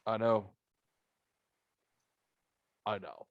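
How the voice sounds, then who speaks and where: A man's voice: fairly low pitch, animated, extremely slow, no room sound, highs cut off. A man hosting a podcast, telling a rambling, profane story and acting out both sides of the conversations himself. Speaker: podcast host. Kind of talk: casual chat. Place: home basement room.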